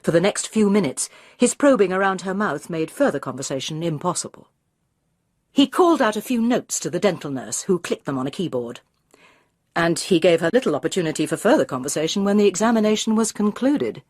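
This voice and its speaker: Husky, expressive woman narrator. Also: on the low side, fairly quick, dry recording, clean studio sound. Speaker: audiobook narrator. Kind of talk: scripted narration.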